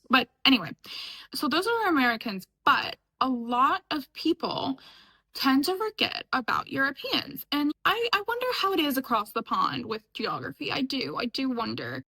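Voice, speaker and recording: A woman's voice: high voice, big pitch swings, normal speed, pushed and bright, rough recording. A young woman from upstate New York, chatting casually and sarcastically as she reacts to clips, often laughing. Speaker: reaction vlogger. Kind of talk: casual chat.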